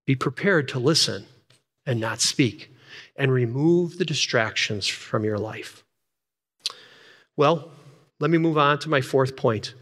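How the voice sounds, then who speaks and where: A man in his sixties preaching a sermon, repeating key lines and dropping to a near-whisper to stress points. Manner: swings from energetic, high, fast passages down to hushed, near-whispered emphasis. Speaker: pastor. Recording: long hall reverb.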